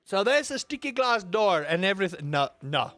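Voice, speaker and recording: A man streaming a game, telling rambling, animated stories with sudden loud outbursts. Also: high voice, moderate pace, no echo. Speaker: gaming streamer. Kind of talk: casual stream chat while playing.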